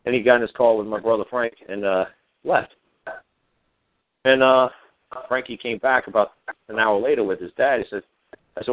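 A man's voice: fairly low pitch, fairly even intonation, brisk, long pauses, dry recording. A man hosting a podcast, telling a rambling, profane story in a casual way and acting out the voices of the people in it. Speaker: podcast host. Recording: tinny phone-like line, dry.

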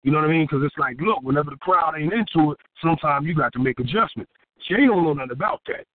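Profane Houston rapper telling stories. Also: male voice, on the high side, fast, no echo. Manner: profane, animated storyteller, acts out quotes. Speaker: rapper and guest. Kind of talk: casual storytelling interview. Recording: tinny phone-like dry sound.

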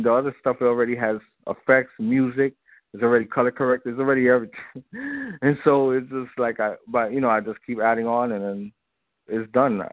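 Over a dry, tinny phone line with no room sound, a guest filmmaker with a mid-range voice chats casually in a radio interview. He's loose and talkative, repeating himself and laughing often.

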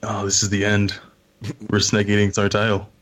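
An Australian man with a fairly low voice joins a podcast as a guest. He talks in easy, casual chat and keeps dropping wry, joking remarks. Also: completely flat delivery, normal speed, fairly bright tone.

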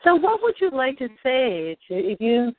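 A woman coaching a client through a tapping session, asking gentle, probing questions. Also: high-pitched, very animated, normal speed, dry recording. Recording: dry tinny phone-like line.

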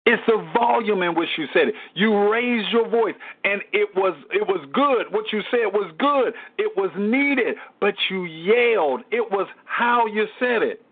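High-voiced preaching man on a tinny line. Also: animated, a little slow, hardly any pauses. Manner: repetitive call-and-response preaching with exclamations to God. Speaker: pastor. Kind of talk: Bible study preaching. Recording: narrow tinny phone-line sound.

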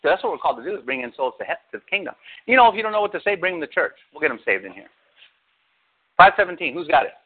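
A man's voice: on the high side, very animated, very fast, slightly rough. A male pastor preaching a sermon, talking to his congregation with lots of rhetorical questions. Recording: phone-like narrow sound.

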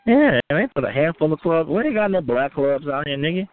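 A man's voice: on the high side, very animated, fairly quick. Taunting man on a tinny phone line. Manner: loud, taunting, repetitive insults. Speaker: host of a call-in show. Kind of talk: crude trash-talking call-in banter.

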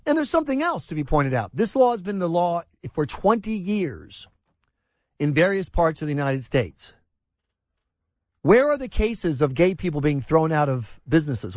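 A talk radio host, a man with a high, lively voice that swings widely in pitch. He speaks with heavy sarcasm and hammering emphasis in a dry, close studio sound. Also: dry recording.

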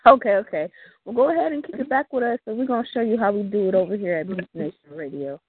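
A woman's voice: mid-range voice, fast, slightly rough, dry recording. A woman hosting a casual live call-in radio show, upbeat and laughing often, using loose slang. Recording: tinny phone-like call audio.

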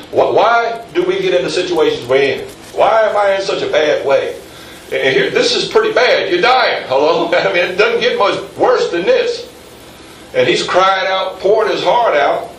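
A pastor in mid-sermon, talking casually and then building to emphatic peaks, throwing questions out to the pews. He is picked up from some distance in an echoey room, with a faint hum of ambience behind him. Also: sits high. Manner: conversational, rising to emphatic peaks, quizzing the congregation.

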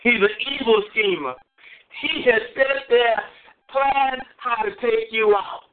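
A man preaching a sermon, swinging between high exclamations and low asides and repeating phrases for emphasis. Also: slow pace. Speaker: pastor. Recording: tinny phone-line sound.

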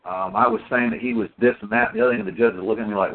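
A man telling stories in a casual community call, animated and acting out the people in them. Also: medium pitch, very fast, gravelly, a little hiss or hum. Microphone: phone or call audio. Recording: tinny phone line.

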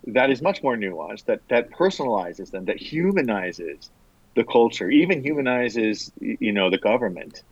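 A man's voice: medium pitch, big pitch swings, moderate pace, husky, no room sound, dull audio. A man who is a political science professor, giving thoughtful, hesitant answers with many fillers as a guest in an interview.

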